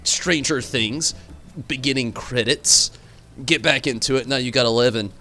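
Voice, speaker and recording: A man's voice: medium pitch, moderate pace, bright, forceful tone. A man streaming a game live, rambling animatedly, answering chat and swearing casually. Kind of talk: live gameplay stream commentary.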